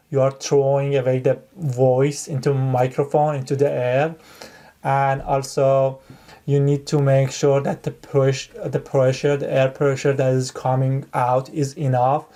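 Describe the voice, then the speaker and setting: A man's voice: mid-range voice, dark tone. A man giving a casual spoken tutorial on exam speaking, rambling and conversational as he explains. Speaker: test-prep tutor.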